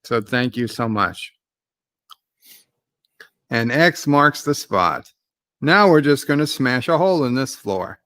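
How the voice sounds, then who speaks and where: A man talks casually over a movie during a live stream, reading out viewer comments. His voice is bright and crisp, with a dry, close sound. He is still recovering from being sick. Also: mid-range voice, animated, takes it slowly, long pauses, no room sound. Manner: chatty, reads viewer messages aloud with laughs. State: recovering from illness. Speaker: streamer hosting a live movie watch-along.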